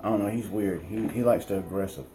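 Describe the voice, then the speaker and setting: A man's voice: lowish voice, fast talker, background noise. A man chatting casually to viewers in a morning vlog at home, rambling and talking to his pets. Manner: laid-back, rambling, talks to his pets. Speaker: vlogger.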